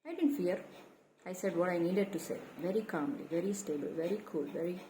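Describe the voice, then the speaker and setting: A woman's voice: on the low side, a little fast, mellow, slight background noise, rough recording. A woman in an emphatic solo monologue, indignant, firing off repeated rhetorical questions. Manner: indignant, quotes others in raised mocking tones. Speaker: vlogger.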